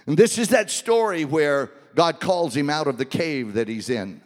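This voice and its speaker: Guy preaching slow and dramatic, goes loud then real hushed, big hall echo. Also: fairly high pitch, animated. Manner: dramatic, swings between loud and hushed delivery. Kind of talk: sermon. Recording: long hall reverb.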